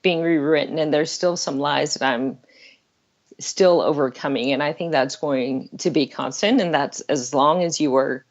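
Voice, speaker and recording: A middle-aged woman, a life coach, appears as a guest on an interview podcast, speaking earnestly and candidly and laughing now and then. Her voice is low-pitched and her pace moderate, though the recording sounds muffled.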